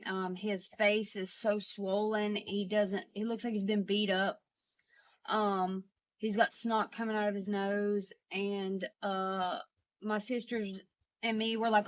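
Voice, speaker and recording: A woman vlogger telling a personal story in a halting way, with many pauses and restarts. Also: medium pitch, fairly bright tone.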